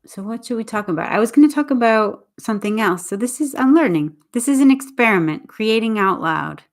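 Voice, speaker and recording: A woman English teacher chatting casually on a livestream, talking quickly and interrupting herself as she speaks to viewers. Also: fairly high pitch, animated. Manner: fast, chatty, self-interrupting, talks to viewers.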